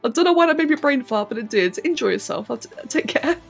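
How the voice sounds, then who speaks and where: Expressive and quick, with vocal fry and a slightly high voice, an English woman from London chats her way through a live stream while sculpting a 3D model. The streamer and 3D artist laughs easily and stumbles over her words as faint music plays underneath the casual modelling talk.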